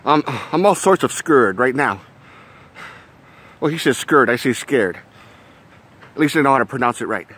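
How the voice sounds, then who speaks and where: A man's voice: mid-range voice, lively intonation, brisk, pauses often, a bit bright. A man acting out a spoof horror reaction, swearing and exclaiming in mock panic. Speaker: comedy YouTuber.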